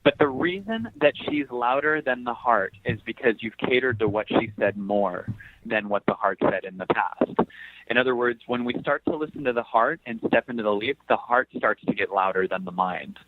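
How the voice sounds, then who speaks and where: A man's voice: mid-range voice, moderate pace, no room sound. Man talking motivation over a tinny line. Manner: animated, jokey, acts out inner voices. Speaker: guest speaker. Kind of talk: motivational talk.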